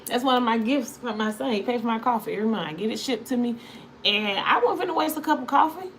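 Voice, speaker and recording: A woman hosts a casual tarot livestream. Her voice sits a little high, and she tells stories in an animated way and repeats herself often. A faint noise hums under the recording. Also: quick pace. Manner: animated storytelling, repeats phrases, talks to viewers. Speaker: tarot reader livestream host.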